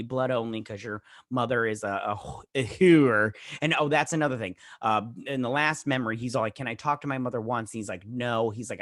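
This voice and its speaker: A man hosts a show and rambles through a TV episode recap at a middle pitch. He retells scenes in loose, filler-heavy speech and briefly acts out the characters' lines. The sound is dry, with no room echo. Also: fairly bright tone. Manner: rambling, filler-heavy retelling full of "he's all like" quotes. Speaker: show host. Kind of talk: casual TV episode recap and review.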